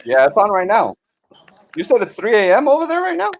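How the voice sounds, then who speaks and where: Lively male host, sing-song pitch. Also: brisk. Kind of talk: casual chat.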